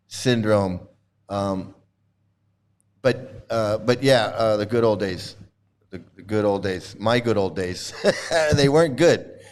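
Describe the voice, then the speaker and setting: A middle-aged man hosting a livestream, chatting casually while showing old photos, halting with many fillers and restarts and laughing often. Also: mid-range voice, a little mellow, clear, resonant tone. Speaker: livestream host.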